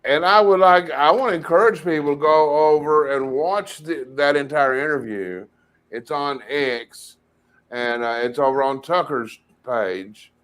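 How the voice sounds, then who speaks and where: A man co-hosting a casual talk show, talking haltingly with restarts as he looks things up. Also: on the high side, a bit bright. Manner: halting, searching aloud, many restarts. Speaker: cartoonist co-host. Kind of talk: casual chat.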